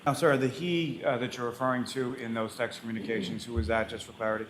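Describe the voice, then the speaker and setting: A prosecutor with a Boston accent and a voice of average pitch runs through his questions quickly, leaning on uh fillers and steering the witness to each page. A faint courtroom hum sits behind him. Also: little pitch movement, roomy sound. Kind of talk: courtroom direct examination.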